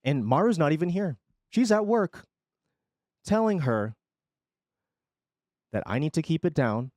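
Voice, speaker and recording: A man streaming, telling his chat a story in a casual, animated way, swinging between loud and quiet and swearing freely. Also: on the high side, a little slow, dry recording, studio quality.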